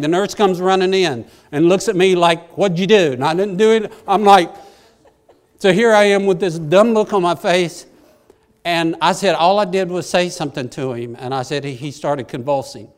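A middle-aged man preaching, telling a personal story in a folksy, self-deprecating way that swings from hushed to excited. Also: sits high, moderate pace. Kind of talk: sermon storytelling.

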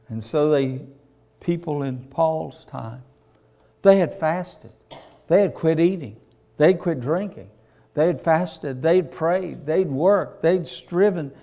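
A man's voice: a little high, takes it slowly, gravelly, mellow. Repetitive, fervent male preacher. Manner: repetitive, building to emotional peaks. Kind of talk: sermon.

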